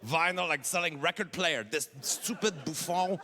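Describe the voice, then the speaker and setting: A man in his forties with a Quebec French accent, doing an exasperated, ranting stand-up set and shouting his punchlines. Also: on the high side, moderate pace. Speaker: stand-up comedian. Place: comedy festival stage. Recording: noisy live stage recording.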